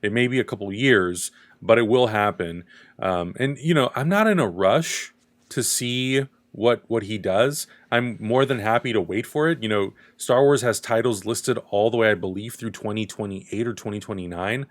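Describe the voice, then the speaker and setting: Man, podcast host, casual fan chat, enthusiastic, rambling, fairly low voice. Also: normal speed.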